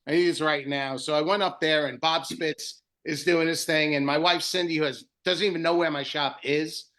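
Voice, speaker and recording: Male guest, shop owner, slightly high voice, animated storyteller over a video call. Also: normal speed. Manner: animated, emotional, with swearing. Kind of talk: casual storytelling.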